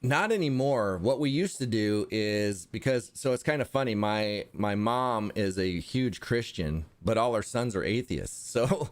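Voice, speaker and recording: A man speaking as a guest in a casual interview, his voice pitched somewhat low. He rambles with halting restarts and a dry sense of humor. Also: expressive. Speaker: interview guest, content creator. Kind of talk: casual conversation.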